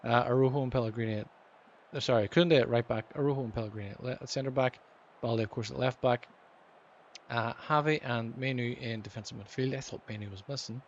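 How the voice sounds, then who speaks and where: Male gaming host, casual play-by-play, halting with lots of ums, slightly dull mic with faint noise. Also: medium pitch, steady tone. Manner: hesitant, many ums and restarts; livens up calling match action. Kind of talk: casual gameplay commentary.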